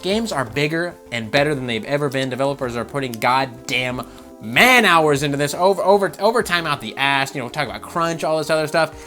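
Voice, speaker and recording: A man hosting a gaming channel, ranting about game news with swearing and laughter, jumping from loud outbursts to low mutters. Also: brisk, soft background music. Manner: animated, profane, laughing, swings between loud outbursts and mutters.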